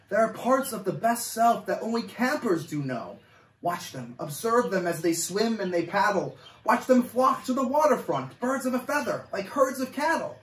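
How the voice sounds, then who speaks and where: Brief: man doing a lofty, booming storybook tree that speaks in rhyme; raised pitch, echoey distant room. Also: lightly acted. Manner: booming, sing-song rhymed proclamation. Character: grand rhyming wishing tree, male, ancient.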